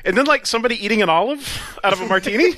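A man's voice: high voice, animated, very fast, pushed and bright, slight background noise. A man co-hosting a comedy podcast, joking through silly dating profiles. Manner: joking, puts on a mock British accent when reading. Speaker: podcast co-host.

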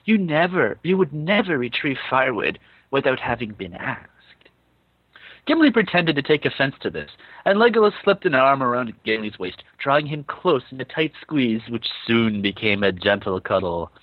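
Man reading fan fiction with lively pitch. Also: normal speed, no echo, lo-fi sound. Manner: reads with breaks to laugh and comment. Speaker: podcast host reading fan fiction aloud. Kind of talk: comedic dramatic reading.

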